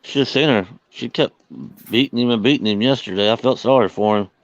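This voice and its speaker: A man's voice: medium pitch, fairly quick, no echo, dull audio. A man chatting casually on a livestream, making blunt wisecracks at his friends. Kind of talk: casual chat.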